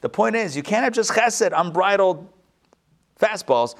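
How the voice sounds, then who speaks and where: Animated man teaching a Torah class. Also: high-pitched, a little slow. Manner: animated, joking asides, self-correcting. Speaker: rabbi. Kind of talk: live Torah class lecture. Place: classroom at a live event.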